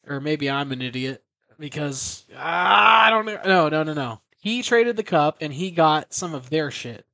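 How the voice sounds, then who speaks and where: A man's voice: fairly high pitch, expressive, unhurried, gravelly, sharp tone, dry recording. A man casually recapping a horror film, rambling, swearing and correcting himself as he goes. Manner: rambling, profane, self-correcting.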